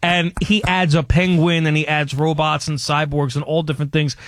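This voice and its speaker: Halting, fairly high-voiced male interviewer. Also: little pitch movement, fairly bright tone, a little hiss or hum. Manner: halting, with many fillers. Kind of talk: interview questions.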